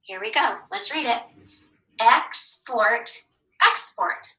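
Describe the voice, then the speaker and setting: Bright-voiced woman teaching phonics. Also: expressive, normal speed, poor audio. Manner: clear, patient, sing-song; says each word twice, second time higher. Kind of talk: phonics lesson for children.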